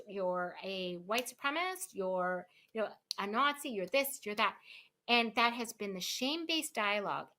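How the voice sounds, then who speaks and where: A woman speaks as a guest lawyer in a relaxed interview. Her voice sits a little high and sounds bright and forceful. She talks with emphatic energy and lots of fillers. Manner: animated, emphatic, many fillers. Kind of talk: casual interview chat.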